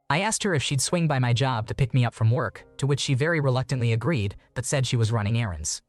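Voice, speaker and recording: A man reading online stories aloud in a steady scripted narration, adding brief comments of his own. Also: mid-range voice. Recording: music bed behind the voice.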